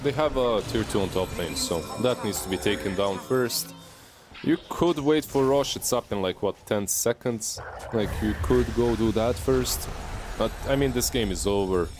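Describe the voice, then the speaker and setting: A man's voice: fairly low pitch, moderate pace, over music. A man giving casual, opinionated color commentary on a pro video game match, chatty and full of filler words. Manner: relaxed, chatty, lots of "like" and opinion.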